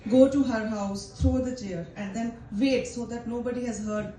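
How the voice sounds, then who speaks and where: A young woman doing impromptu stand-up, telling a confessional story and quoting her own thoughts in quick bursts. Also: fairly high pitch, fairly even intonation, warm tone, slight background noise. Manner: candid, confessional storytelling with quick bursts of quoted self-talk. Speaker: stand-up comedian. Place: indoor comedy venue. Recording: roomy, distant live-room recording.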